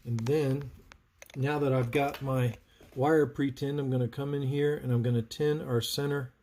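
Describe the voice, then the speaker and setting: A man's voice: medium pitch, fairly even intonation, moderate pace, darkish tone. Man, live-stream builder, chats through a soldering demo while reading viewer comments. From North Carolina, US. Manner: chatty, narrates work while answering viewers. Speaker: livestream host, saber builder. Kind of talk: live soldering tutorial chat.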